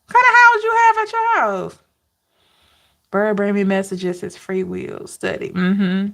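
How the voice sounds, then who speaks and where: Woman, tarot reader, livestream chat, laughs a lot, unhurried. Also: medium pitch, animated, gravelly, bright, forceful tone. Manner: laughing, chatty, addresses chat by name. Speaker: tarot reader chatting with live viewers.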